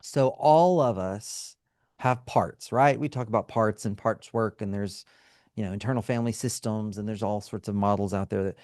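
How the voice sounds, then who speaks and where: A man's voice: fairly low pitch, normal speed, a little mellow, dry recording, clean studio sound. A male counselor and trauma specialist, a guest in an interview, explaining things in a teacherly way and often checking in with "right?" and "okay?".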